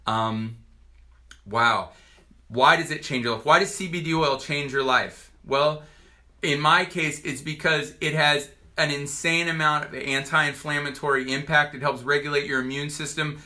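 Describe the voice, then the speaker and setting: A man in his forties from Virginia, a doctor giving a personal testimonial to camera in an earnest, halting way with many restarts. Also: fairly high pitch, bright, forceful tone. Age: 40s.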